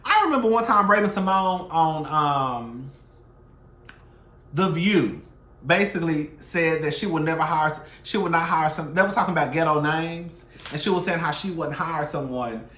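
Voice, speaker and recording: A man hosting a casual gossip commentary channel, sassy and profane, swinging between loud outbursts and soft asides. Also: on the high side, lively intonation, normal speed, echoey room. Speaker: YouTube commentary host.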